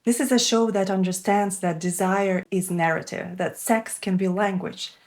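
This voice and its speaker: This is scripted video essay commentary from a woman reviewing a show, her medium-pitched, darkish voice fairly even in intonation and moderate in pace. A Russian native speaker from Russia who teaches English and reviews TV, she comes off wry, candid and enthusiastic.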